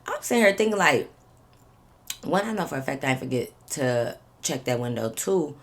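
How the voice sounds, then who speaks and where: A woman vlogger telling a story in casual, animated fashion, swearing freely and acting out what people said. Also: a bass voice, moderate pace. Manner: animated, swears freely, acts out others' lines.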